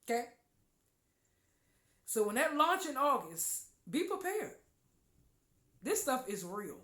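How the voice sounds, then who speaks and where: A woman hosting a podcast, giving an emphatic, preachy spiritual talk with loud exclamations. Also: sits high, sing-song, slow pace, echoey room. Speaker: podcast host.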